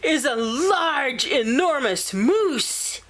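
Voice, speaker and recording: A woman voicing an excited little boy in a storybook read-aloud, calling out high and eager. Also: slow pace, heavily acted.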